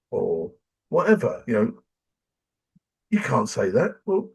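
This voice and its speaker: An older man from England, chatting casually as a podcast host and telling animated stories. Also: a little high, moderate pace, creaky. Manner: animated storyteller, acts out quoted voices. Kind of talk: casual chat.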